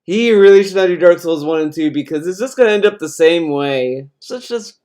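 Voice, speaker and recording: A man's voice: on the high side, expressive, a little fast, few pauses, a little mellow. A man streaming, mocking a video he plays, in casual sarcastic commentary with swearing.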